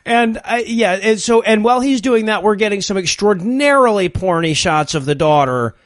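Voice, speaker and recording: A man's voice: sits high, expressive, moderate pace, no room sound. A man co-hosting a comedy podcast, wryly riffing on a movie and reading his notes aloud. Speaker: podcast co-host.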